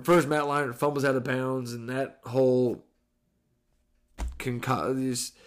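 A man in his thirties tells a story on his podcast, loose and profane, with a mid-range voice. He is lively and drops swears freely, and he acts out what people said in the story. He sounds like he is chatting with friends. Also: mid-range voice. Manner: animated, profane storytelling with acted quotes. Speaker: podcast host. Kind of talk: casual storytelling.

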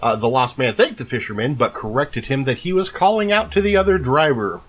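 A man's voice: medium pitch, animated, brisk, low-quality recording. A man co-hosting a casual podcast, telling folklore stories between laughing, tipsy banter at home. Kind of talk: casual storytelling chat.

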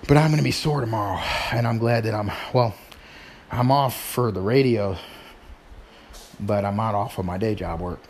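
A man's voice: lowish voice, slight background noise. A middle-aged man hosting his show in casual chat, rambling informally with sighs and restarts. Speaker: podcast host.

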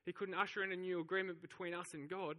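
A man's voice: sits high, level tone, fast talker, sharp tone, in a large hall. A man preaching a sermon, telling the story with animation and acting out the voices of the crowd. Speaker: pastor.

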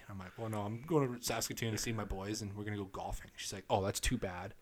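Talking fairly quickly over slight background noise, a young male podcast co-host shares crude anecdotes in casual chat. He's animated and heavy on the swearing, dropping his voice whenever he reads out texts.

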